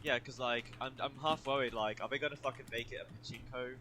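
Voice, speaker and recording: A man's voice: medium pitch, fairly even intonation, quick pace, sharp tone. A man with a New Zealand accent co-hosting a casual podcast, rambling and swearing freely. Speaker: podcast co-host.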